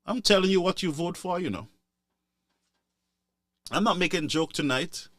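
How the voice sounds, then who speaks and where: A man's voice: sits high, moderate pace, a bit bright, no room sound, studio quality. A man giving impassioned political commentary, scolding listeners in a repetitive, sarcastic way.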